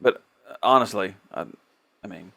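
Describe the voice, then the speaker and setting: A laid-back podcast co-host with a somewhat low voice. He chimes in with quick agreement and sometimes reads text aloud in casual chat. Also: vocal fry, a bit bright. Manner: easygoing, quick yeahs, reads blurbs aloud.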